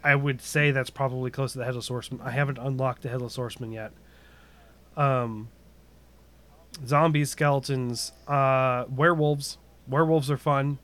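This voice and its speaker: Rambling man with a smooth voice. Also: medium pitch, fairly even intonation, normal speed, fairly bright tone. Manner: rambling, many fillers and restarts. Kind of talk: casual chat about a video game.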